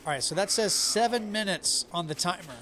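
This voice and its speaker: During live survival gameplay, a man from the American South chats casually with his viewers in a neutral accent, turning Southern only when angry. His high voice is fairly quick, pushed and bright, with slight background noise.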